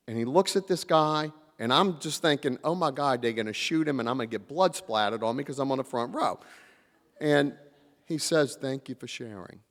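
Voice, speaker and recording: Guy telling stories at a convention, acts out all the voices, booming hall echo. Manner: animated storyteller, acts out quotes, drawls "y'all". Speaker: convention panel speaker. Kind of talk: storytelling talk to a live audience.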